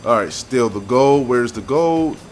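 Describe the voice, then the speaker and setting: A young man swearing and venting through gameplay commentary, with loud outbursts that sink into low, weary muttering. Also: animated, measured pace, faint music behind. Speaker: gaming YouTuber.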